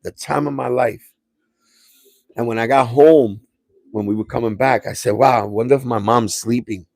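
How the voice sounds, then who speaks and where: A man from Puerto Rico hosts his own livestream and tells family stories in a casual, rambling way, with slang and restarts. His voice sits at an ordinary middle pitch. It is recorded dry and close, with no room sound around it. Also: fairly even intonation, moderate pace, gravelly, a little mellow, dry recording. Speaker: livestream host.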